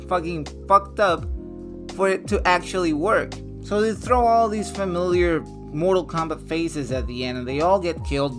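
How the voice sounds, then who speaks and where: Young man, slightly high voice, casual swearing movie rant, faint guitar music underneath. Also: a bit bright. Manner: loose and profane, full of "like" fillers. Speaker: movie reviewer. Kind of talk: casual spoken review.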